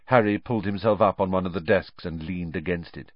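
A man narrating a fantasy story aloud with expressive, storytelling delivery, on a dull, dry recording. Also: low voice, brisk, hardly any pauses, no room sound. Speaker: audiobook narrator. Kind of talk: scripted narration. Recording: dull, dry studio audiobook.

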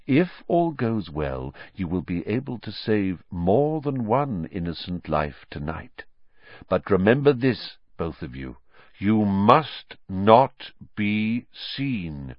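A man voicing a grave, calm old male wizard headmaster who speaks quietly, slowly and very clearly. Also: on the low side, no echo, lo-fi sound.

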